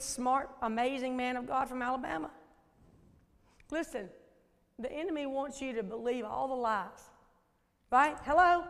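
A Southern American woman in her fifties preaching a lively, folksy sermon in a church sanctuary and questioning the congregation. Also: high voice. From Southern United States. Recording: echoey church hall.

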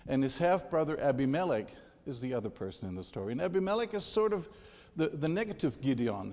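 A man's voice: mid-range voice, a little mellow. A man preaching a sermon in a conversational, emphatic way, speaking directly to his listeners. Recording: long hall reverb.

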